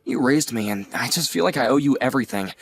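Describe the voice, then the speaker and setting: A man voicing an earnest young nephew, newly engaged and deeply grateful, in a scripted drama. He speaks in a mid-range male voice, gently and apologetically. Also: lively intonation, fast. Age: young adult.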